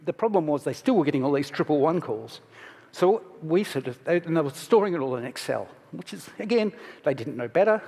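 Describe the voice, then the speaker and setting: A middle-aged man giving a casual, candid conference talk on stage, restarting his sentences and pausing to steady himself. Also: a little high, slightly rough. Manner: casual and candid, self-interrupting, emotional at moments. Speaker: conference speaker. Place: large conference hall. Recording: hall reverb from stage.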